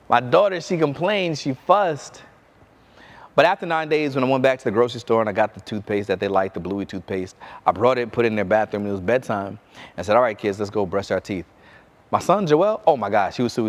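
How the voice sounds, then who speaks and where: A man in his thirties giving a motivational keynote, telling a story and acting out his children's voices. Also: mid-range voice. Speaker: keynote speaker.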